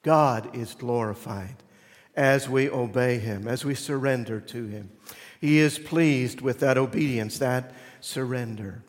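A man preaching a sermon as pastor, moving between loud emphatic lines and hushed, almost whispered ones. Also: medium pitch, a little slow. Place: church sanctuary. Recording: long reverb of a church hall.

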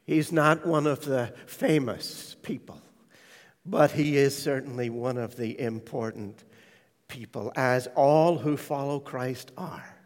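A man preaching a sermon, telling his testimony with hushed, tender stretches and sudden loud quoted voices. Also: mid-range voice, slow. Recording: large hall reverb.

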